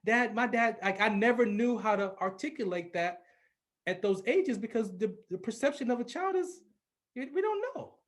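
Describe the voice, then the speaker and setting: A man in his forties from California talks in a high, light voice as a podcast guest. He speaks earnestly and with emphasis and tells his story in a relaxed, conversational way. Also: normal speed. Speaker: radio personality, podcast guest. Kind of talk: casual conversation, personal storytelling.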